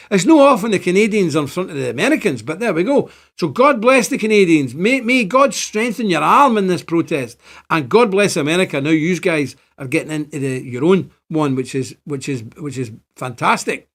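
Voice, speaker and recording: Older northern irish guy rambling on a stream, voice pitched up high and bouncing all over, laughs between points. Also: animated, brisk, a bit bright. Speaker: show host. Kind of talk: livestream commentary reading chat.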